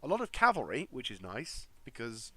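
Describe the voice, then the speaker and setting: A man's voice: medium pitch, huge pitch swings, moderate pace, bright, forceful tone, dry recording. A man casually commentating a strategy game, thinking aloud with lots of fillers and restarts. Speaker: gaming video creator.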